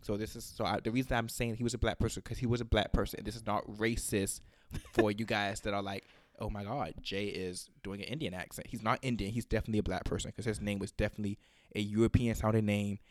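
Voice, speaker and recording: A man hosting a casual chat, telling animated stories and acting out callers' lines. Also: lowish voice, fast, no echo. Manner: animated storyteller, acts out callers' quotes. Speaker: podcast host.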